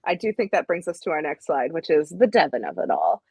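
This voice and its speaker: Husky-voiced woman podcast host. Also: low voice, sing-song, warm tone, no echo, rough recording. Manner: gushing, halting, many restarts. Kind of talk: casual podcast chat. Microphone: AirPods.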